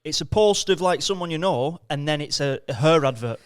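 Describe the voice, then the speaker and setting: A man's voice: a little high, animated, normal speed, clean tone, no room sound, studio quality. A man co-hosting a podcast, chatting casually and acting out the people in his stories. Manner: storytelling, acts out the people he quotes. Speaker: podcast co-host. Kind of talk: casual chat, anecdotes.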